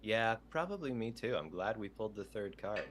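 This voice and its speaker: A man's voice: on the low side, lively intonation, brisk, a little hiss or hum. A man running a tabletop game over a video call, reading prompts aloud in an easygoing way. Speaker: game master.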